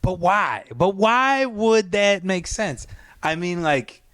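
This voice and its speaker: A man's voice: high-pitched, animated, slow, a bit bright, dry recording. A young man on a podcast in casual crude banter, talking in a laid-back, blunt and joking way. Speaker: podcast co-host.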